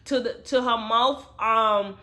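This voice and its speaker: A woman's voice: fairly high pitch, steady tone, takes it slowly, sharp tone. A woman giving a casual, slang-filled book review, retelling the plot with lots of "you know" asides.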